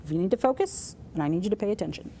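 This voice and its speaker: A woman's voice: mid-range voice, animated, rapid-fire, warm tone, slight background noise. A woman teaching a sign language class, patiently talking through each sign as she shows it. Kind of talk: classroom instruction. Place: community center classroom.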